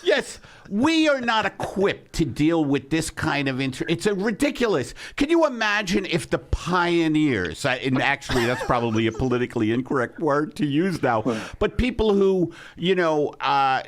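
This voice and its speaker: A man's voice: fairly high pitch, expressive, normal speed, hardly any pauses, slight background noise. A man hosting a comedy podcast, riffing in a rambling, exasperated way and laughing often. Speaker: podcast host. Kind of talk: casual comedy podcast banter.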